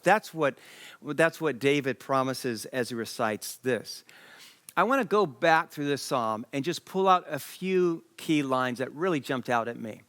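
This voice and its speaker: A man preaching a sermon, reading scripture and telling a lively story with quoted dialogue, from Liberia. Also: mid-range voice, measured pace, no echo. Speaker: pastor. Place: church stage.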